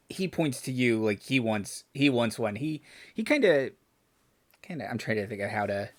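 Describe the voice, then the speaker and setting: A man narrating a tabletop game as dungeon master, halting often with fillers and restarts. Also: lowish voice, husky. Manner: hesitant, full of fillers and restarts.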